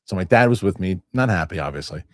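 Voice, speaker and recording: A man's voice: low-pitched, animated, quick pace, dry recording. A man hosting a casual live show, rambling and cursing freely while reading out viewer comments. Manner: rambling, profane, laughs at his own stories. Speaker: host.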